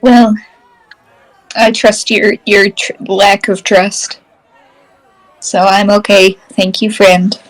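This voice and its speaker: A woman's voice: medium pitch, flat delivery, slow, long pauses, a faint crowd, rough recording. A woman playing a tabletop game, speaking in character in an easygoing way. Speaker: player. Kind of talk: in-character casual play.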